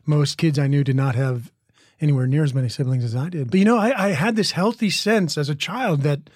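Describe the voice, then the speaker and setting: A man's voice: on the high side, fairly quick, darkish tone, dry recording, studio quality. A man in his forties from the American Midwest, an actor being interviewed, talking thoughtfully with restarts and asides. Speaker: actor guest. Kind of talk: interview conversation.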